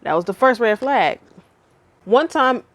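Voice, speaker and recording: A woman's voice: on the high side, measured pace, slight background noise. Young woman, casual storytime vlog, chatty, talks straight to the viewers. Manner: casual, animated storytelling, addresses viewers directly. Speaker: vlogger. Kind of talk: storytime chat.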